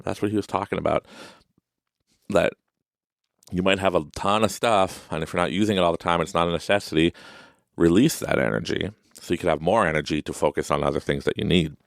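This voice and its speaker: Low gravelly man, rambling and chatty. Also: a little fast, no room sound, studio quality. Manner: rambling and chatty, laughs often between remarks. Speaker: podcast host. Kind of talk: casual podcast monologue. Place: office.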